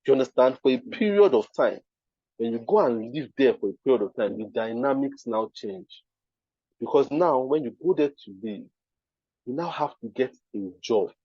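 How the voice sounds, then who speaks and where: A man's voice: mid-range voice, expressive, moderate pace, slightly rough, no echo, lo-fi sound. A man with a Nigerian accent giving an emphatic live talk at a design event, often checking that the audience understands. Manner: emphatic, keeps asking "you understand?".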